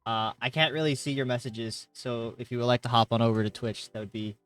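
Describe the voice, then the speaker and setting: A young man live-streaming from his hot bedroom, chatting casually and reading chat aloud, rambling and jokey with sudden loud greetings, and a little tired. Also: medium pitch, fairly even intonation, a little fast, clear, resonant tone, faint music behind. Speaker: livestreamer.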